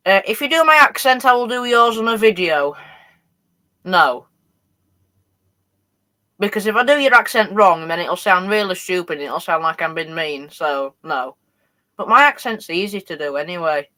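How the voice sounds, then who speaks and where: A man's voice: sits high, expressive, normal speed, long pauses, sharp tone, low-quality recording. A teenage male host with a Yorkshire accent, chatting casually on a live stream and answering viewers' messages while running model trains. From Yorkshire, England. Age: teens. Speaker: livestream host.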